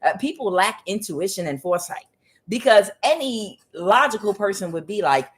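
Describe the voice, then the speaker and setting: Lively, profane woman tarot reader. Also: mid-range voice, moderate pace. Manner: animated, profane, chatty with frequent fillers; addresses listener as honey, child, baby. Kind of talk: casual spoken tarot reading.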